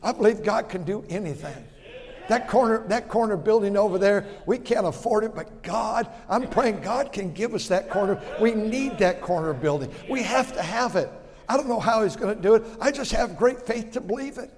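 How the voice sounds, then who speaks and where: A male pastor preaching a sermon, swinging between shouted emphasis and hushed, confessional tones. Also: high-pitched, animated, normal speed, big-room sound.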